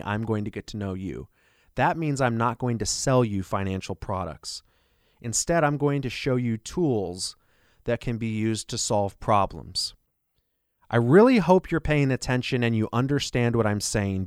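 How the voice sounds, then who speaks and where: Earnest male financial advisor's radio pitch. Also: smooth, no echo, clean studio sound. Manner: earnest, persuasive sales pitch with rhetorical questions.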